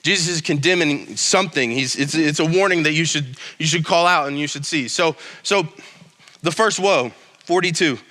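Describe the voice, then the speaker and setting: A man's voice: fairly high pitch, normal speed, bright, forceful tone, in a large hall. A male pastor giving a casual, joking sermon with many restarts and reading scripture aloud.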